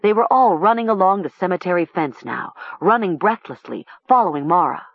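A woman narrating an audiobook in a measured, expressive way. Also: lowish voice, creaky, slightly rough, dry recording, highs cut off.

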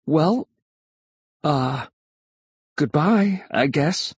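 A man's voice: fairly high pitch, expressive, very slow, husky, no echo, pitched above the performer's own voice, exaggerated voice. A man voicing a nervous young boy who stammers and panics.

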